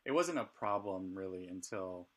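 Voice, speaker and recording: A man's voice: deep voice, animated, normal speed. A middle-aged man co-hosting a casual chat, speaking candidly and laughing often. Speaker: podcast co-host.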